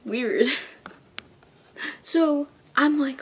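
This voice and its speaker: A woman's voice: high-pitched, huge pitch swings, takes it slowly. A young woman casually telling a rambling storytime, often dropping into whispers and squealing when she quotes herself. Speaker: vlogger.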